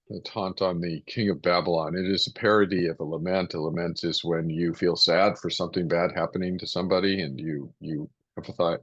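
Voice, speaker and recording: A man reading scripture aloud and then explaining it in a loose, hesitant teaching style, clearing his throat now and then. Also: deep voice, a bit bright, no echo, dull audio. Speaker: Bible teacher.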